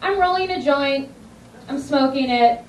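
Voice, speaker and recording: A woman from New Jersey doing a stand-up comedy set, telling animated stories with sudden high-pitched punchlines. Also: unhurried, recorded from a distance, slight background noise. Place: comedy club stage. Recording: echoey club recording from afar, with crowd laughter.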